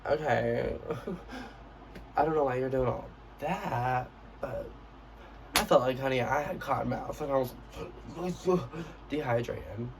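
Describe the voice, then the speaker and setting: A man's voice: mid-range voice, measured pace, pauses often, recorded from a distance, background noise. A young man telling a storytime vlog in a brash, profane, casual way, acting out what he said. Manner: brash, profane, acts out quotes of himself. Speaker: vlogger.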